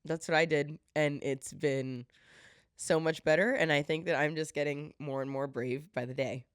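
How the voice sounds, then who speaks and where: A woman with a low voice hosts her own podcast, talking in an earnest, heartfelt way with plenty of fillers. She sounds a little teary-eyed, and the recording is close and dry with no room sound. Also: steady tone, normal speed, clear, resonant tone, no room sound. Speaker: podcast host. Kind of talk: casual solo podcast talk.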